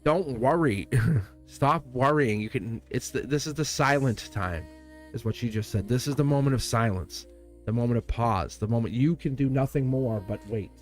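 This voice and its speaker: Male tarot reader, mid pitch, earnest and comforting, loose and rambling, faint music bed. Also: moderate pace. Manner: earnest, reassuring, rambling with restarts. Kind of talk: live tarot reading.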